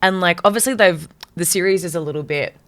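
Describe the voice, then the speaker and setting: A woman's voice: fairly low pitch, quick pace. A woman in her thirties with an Australian accent, a podcast guest and actor chatting casually in an effusive, gushing way that keeps calling her friend "babe". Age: 30s. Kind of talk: casual chat.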